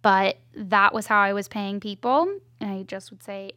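A woman's voice: medium pitch, steady tone, moderate pace, hardly any pauses, sharp tone, dry recording. A woman filmmaker telling stories with chatty animation. Her voice sits mid-range and the sound is dry and close, with no room around it. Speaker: indie filmmaker guest. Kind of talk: casual interview chat.

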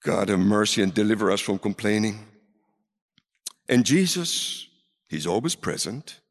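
Male preacher for a sermon: slow, very expressive delivery with wide pitch swings, long hall reverb. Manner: dramatic, swings from loud calls to near whispers. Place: large hall with a seated audience.

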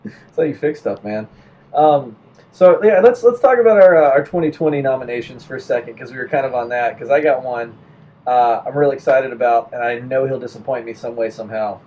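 A man's voice: medium pitch, fairly quick, dark tone, lo-fi sound. A man chatting casually, joking and riffing on silly scenarios. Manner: joking, riffs with put-on quoted voices and laughs. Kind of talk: casual podcast chat.

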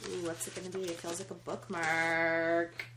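A woman in her thirties hosting a podcast, chatting casually and gushing excitedly over gifts. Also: lowish voice, normal speed, a little hiss or hum. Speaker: podcast host. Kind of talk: casual chat.

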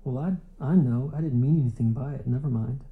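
A man's voice: mid-range voice, a little fast, narrow, tinny audio, lightly acted. A male audiobook narrator voicing an anxious rural husband who talks in plain, homespun phrases. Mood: defensive.

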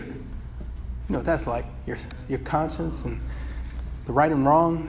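A man's voice: on the high side, slow pace, long pauses. A man preaching in a loose, rambling way, with many restarts, before reading from a book. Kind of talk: sermon with read excerpt.

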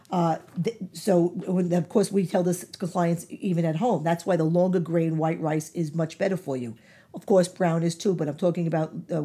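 A woman's voice: on the low side, warm tone, breathy edge. A woman giving informal nutrition advice, emphatic, repeating key words and using many fillers. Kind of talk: informal health talk.

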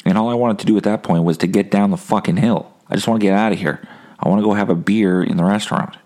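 A man's voice: lowish voice, steady tone, fast talker, dark tone. A man telling a rambling, profane, self-mocking story in a casual monologue as a comedian hosting his own podcast.

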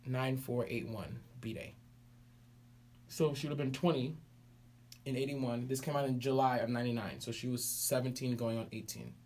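A man's voice: medium pitch, steady tone, a little mellow. A man hosting a casual podcast chat, swearing freely and holding forth emphatically. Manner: profane, emphatic, rapid storytelling.

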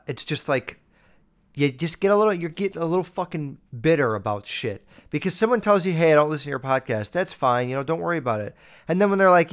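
A man's voice: fairly high pitch, a bit bright, clean tone. A man in his early twenties hosting his own podcast, telling a family story in a rambling, swearing, casual way that heats up as he retells the argument. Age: 20s. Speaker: podcast host.

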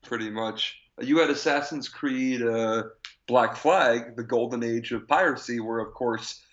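A man's voice: mid-range voice, a little slow, fairly bright tone, lo-fi sound. A man co-hosting a casual chat, rambling with many fillers and restarts, and laughing easily.

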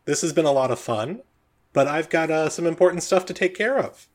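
Guy doing bob, high chirpy rambling family man, kinda loud. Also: animated, fairly quick, natural voice. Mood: cheery. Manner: rambling, upbeat. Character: chatty cheerful married man, Bob.

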